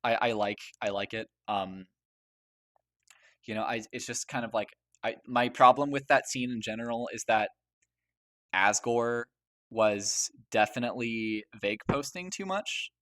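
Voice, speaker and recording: A man's voice: medium pitch, a little slow, bright, forceful tone. A young man gushing over a soundtrack in casual commentary, stammering and restarting with many fillers. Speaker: video host ranking a game soundtrack.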